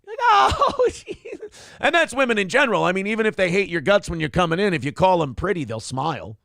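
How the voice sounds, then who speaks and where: A man's voice: sits high, lively intonation, fast talker, vocal fry, a bit bright, dry recording, clean studio sound. A man hosting a morning show, riffing crudely and comically in casual rambling chat. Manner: crude, joking, rambling storyteller.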